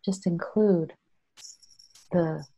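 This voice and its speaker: Woman, 50s, interview guest; gentle, compassionate self-care talk, unhurried and warm-toned. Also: fairly low pitch, breathy edge, poor audio. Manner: slow, soothing, compassionate; drops to whispers at times. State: in pain.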